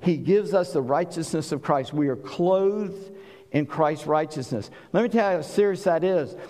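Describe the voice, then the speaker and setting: A man from South Carolina with a Southern accent, preaching a sermon and swinging between booming and hushed delivery. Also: moderate pace, big-room sound. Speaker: pastor.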